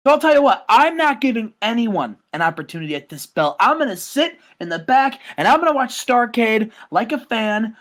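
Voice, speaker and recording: A man's voice: very high voice, very animated, fairly quick, hardly any pauses, fairly bright tone, pitched above the performer's own voice, exaggerated voice. A podcast co-host voicing a boastful male wrestling champion, delivering an arrogant, gloating promo in his everyday voice.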